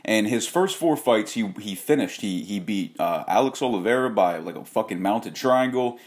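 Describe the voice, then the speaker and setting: A man with a slightly low voice hosting a loose vlog rant. He swears freely, trails off, and keeps correcting himself mid-thought. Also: animated, normal speed. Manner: profane, rambling, self-correcting. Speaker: host.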